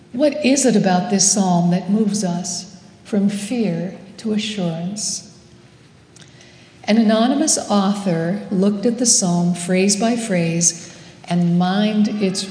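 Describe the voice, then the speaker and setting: Slow-paced woman preaching in echoey hall. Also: mid-range voice. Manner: slow, measured storytelling with gentle humor. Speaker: pastor. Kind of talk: sermon. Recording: echoey hall with long reverb.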